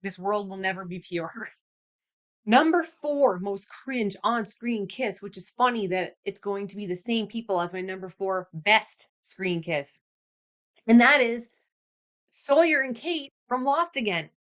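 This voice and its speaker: A young woman hosts her own podcast, talking alone in a loose, casual way. She rants with animated exasperation and keeps breaking into mocking imitations. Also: mid-range voice, a little slow. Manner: animated, exasperated ranting with mocking put-on quotes. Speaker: podcast host. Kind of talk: casual solo podcast chat.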